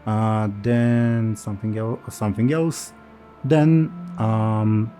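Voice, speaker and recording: A man narrating a tabletop game as game master, unhurried and halting with many fillers. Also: fairly low pitch, fairly even intonation, warm tone, faint music behind.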